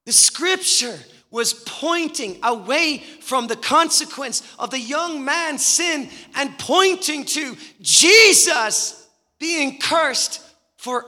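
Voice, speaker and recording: A man preaching a sermon as a guest speaker, impassioned and rising to shouts. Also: extremely high pitch. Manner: impassioned, rising to shouts, acting out voices in parables. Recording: long hall reverb with faint guitar behind.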